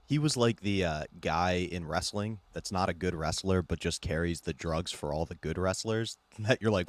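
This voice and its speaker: A man's voice: low-pitched, normal speed, hardly any pauses, no room sound. A man co-hosting a live talk stream, chiming in with wry, crude jokes. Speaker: co-host. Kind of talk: casual live-stream chat.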